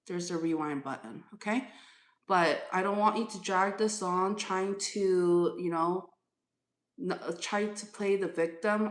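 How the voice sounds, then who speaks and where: A woman with a lowish voice scolds a commenter during a live tarot reading. She is firm and lecturing and keeps repeating herself. The room echoes around her. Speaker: tarot reader on a live stream.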